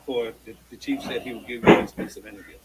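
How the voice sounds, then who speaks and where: Brief: male official, matter-of-fact, rapid, distant, heavy background noise. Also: medium pitch, flat delivery. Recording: off-mic in loud noise.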